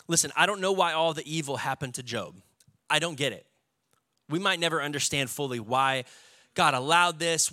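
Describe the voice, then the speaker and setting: Bright-voiced man preaching with fervor. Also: on the high side. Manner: animated preaching, acts out quoted voices. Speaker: pastor. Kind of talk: sermon.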